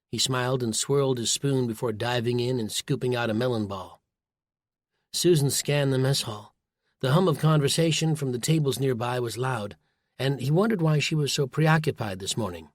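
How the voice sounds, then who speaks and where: A male narrator reads a survival novel in a steady, even storytelling voice. His pitch sits in the middle range, and the recording is close and completely dry. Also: normal speed, dry recording. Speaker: audiobook narrator. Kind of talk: scripted narration.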